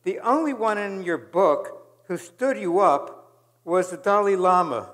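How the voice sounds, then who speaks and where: High-pitched guy hosting an on-stage interview, keeps laughing, long hall echo. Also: animated, a little slow, fairly bright tone. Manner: chuckling often, asks questions and adds quips. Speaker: interviewer, event host. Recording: reverberant hall.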